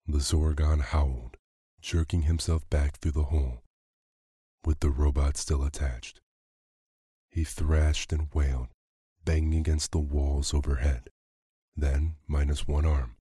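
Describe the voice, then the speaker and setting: Very deep, flat-voiced male bedtime narrator. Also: breathy edge, dry recording, studio quality. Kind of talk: calm bedtime story narration.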